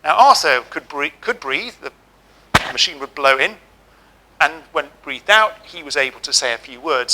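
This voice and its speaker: A middle-aged man giving a keynote speech, telling lively, humorous stories. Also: a little high, moderate pace, low-quality recording. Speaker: keynote speaker. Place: auditorium.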